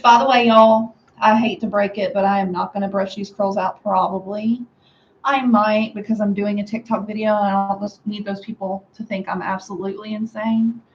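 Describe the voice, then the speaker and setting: A woman chatting casually through a hair styling tutorial at home, sarcastic and quick to laugh. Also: medium pitch, dull audio, slight background noise. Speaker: beauty vlogger. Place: home room with a fan.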